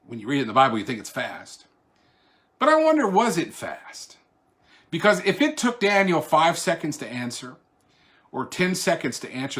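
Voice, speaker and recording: A man's voice: medium pitch, a bit bright. A man, a pastor, teaching a Bible study online in a conversational way, with asides and restarts, raising his voice when he reads scripture. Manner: reads scripture aloud in a raised, declaiming voice.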